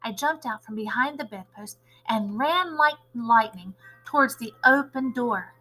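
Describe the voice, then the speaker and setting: Bright, high-voiced teacher reading aloud. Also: female voice, a little slow, soft background music, rough recording. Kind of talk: storybook read-aloud narration.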